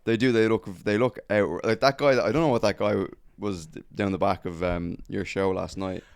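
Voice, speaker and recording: A man's voice: fairly low pitch, fairly even intonation, brisk, creaky, clean tone, no room sound, studio quality. A young man and stand-up comedian telling stories in a loose, sweary podcast chat.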